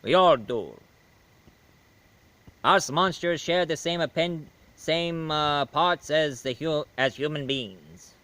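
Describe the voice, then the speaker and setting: A man's voice: on the high side, slow, bright, forceful tone. A man voicing a formal, haughty old male vampire count in a homemade video review.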